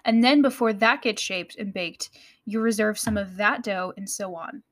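A woman's voice: mid-range voice, normal speed, fairly bright tone. An American woman hosting a podcast, explaining baking in a friendly way with small laughs and self-corrections. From United States. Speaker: podcast host. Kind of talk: scripted podcast narration.

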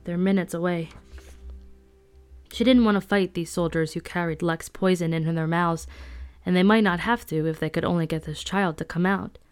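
Low-voiced woman reading a novel. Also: brisk, smooth, soft background music. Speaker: audiobook reader.

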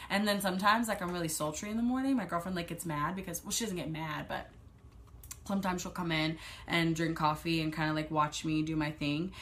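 A woman's voice: lowish voice, fast talker. Chatty, swearing young woman podcaster. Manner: chatty, rambling, swears freely, drops to a whisper at times. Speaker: podcast host. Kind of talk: casual solo podcast monologue.

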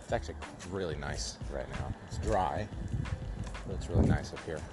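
A man's voice: extremely low pitch, moderate pace, over loud music. A man keeping a casual audio diary outdoors, thinking aloud and rambling with many restarts. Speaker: podcast host.

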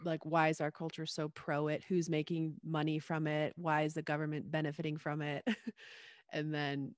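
A woman's voice: low-pitched, monotone, normal speed, no room sound, clean studio sound. A woman author, a guest on a casual podcast, thoughtful and agreeable, laughing often as she talks.

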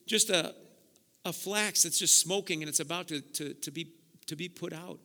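Man preaching hard in a church, bright voice, big echo hall. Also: a little high, moderate pace. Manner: impassioned preaching, repeats words when worked up. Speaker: pastor. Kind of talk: sermon. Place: church sanctuary. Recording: long reverb of a large hall.

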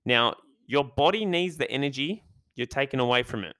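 Energetic male podcast host with a smooth, clear voice, recorded dry and close. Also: mid-range voice, moderate pace, dry recording. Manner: hyped, energetic, chatty. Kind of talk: casual podcast monologue.

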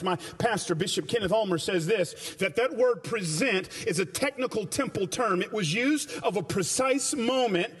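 A man delivers a sermon with emphatic, punchy phrasing, drawing out key words before speeding through stretches of storytelling. His voice sits fairly high, and he drops into loose, colloquial asides. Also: expressive, fairly bright tone, breathy edge. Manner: emphatic, shifts between slow stressed phrases and rapid runs. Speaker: preacher.

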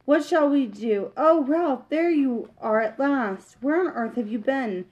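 A woman's voice: moderate pace, muffled recording, natural voice. A woman reading aloud, voicing a flustered, anxious mother mouse from a storybook. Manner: fretful, high-strung.

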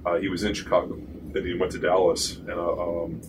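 A deep-voiced man in his forties tells loose, swearing-laden football stories full of fillers. He sits away from the mic, and a clear background hum runs under him. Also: completely flat delivery, brisk, far from the mic. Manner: profane, rambling, full of fillers. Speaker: former pro football player telling stories. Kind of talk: casual storytelling.

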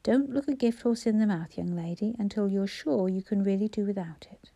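A woman voicing a grumpy one-eyed old man who talks gruffly and bluntly. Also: mid-range voice, a little fast, dark tone, no echo, lightly acted. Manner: gruff, curt.

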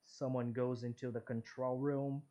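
A man co-hosting a podcast in casual chat, slowly recapping an episode. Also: mid-range voice, little pitch movement, dark tone. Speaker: podcast co-host.

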